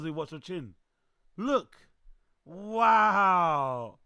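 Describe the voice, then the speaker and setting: A young man, his voice worn hoarse, chatting loosely to his livestream audience, repeating himself and swearing as he goes. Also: fairly high pitch, very animated, drawn-out words, pauses often, pushed and bright, dry recording, clean studio sound. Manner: loose, repetitive, swearing, talks to chat. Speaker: livestream host. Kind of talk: casual livestream chat.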